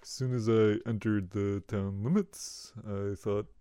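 Brief: man, slow deadpan storyteller. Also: fairly low pitch, clean tone, dry recording, studio quality. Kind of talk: casual comedic banter.

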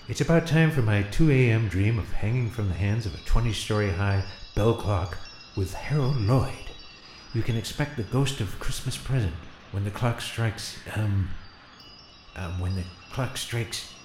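A man's voice: on the low side, a little slow, darkish tone, close to an everyday voice. A man playing a befuddled old president ghost. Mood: muddled. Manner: forgetful, rambling, loses his place. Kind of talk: comedy radio-play acting. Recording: echoey room, faint noise.

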